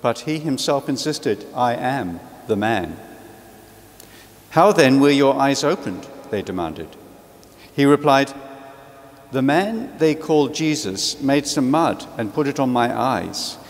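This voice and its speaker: An Australian man reading a scripture passage aloud in church, slow and deliberate. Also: mid-range voice, sing-song, big-room sound. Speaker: scripture reader.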